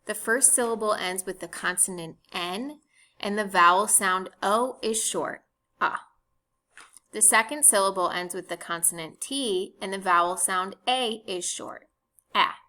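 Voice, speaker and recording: A woman teacher giving a recorded phonics lesson, speaking clearly and spelling words out letter by letter. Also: mid-range voice, sharp tone.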